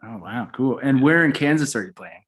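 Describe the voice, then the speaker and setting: A man's voice: mid-range voice, animated, fairly bright tone. A man hosting a podcast, asking questions in a playful, joking way. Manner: jokey, playful, quick to laugh. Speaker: podcast host. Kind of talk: casual chat.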